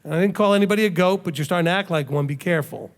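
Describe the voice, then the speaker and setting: Rapid-fire and high-pitched, a male rabbi preaches to his congregation in a conversational style. He keeps asking rhetorical questions and repeating points for emphasis, and the sound carries a long hall reverb.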